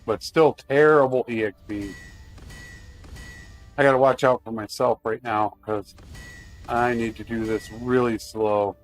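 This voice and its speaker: A man's voice: mid-range voice, fairly even intonation, a little slow, long pauses, faint music behind. A man streaming a video game live, chatting casually to his viewers while he plays. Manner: chatty, talks to chat while playing.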